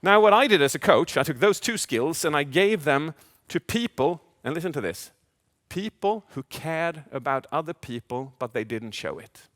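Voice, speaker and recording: A man speaking as a communication coach in a live keynote, animated, asking the audience questions and acting out inner voices. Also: fairly high pitch, normal speed, few pauses. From Sweden. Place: large event hall. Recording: long hall reverb.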